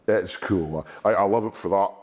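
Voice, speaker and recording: A strongman guest tells stories candidly in an interview, animated and sweary, often repeating words. His voice sits low, and he talks a little fast.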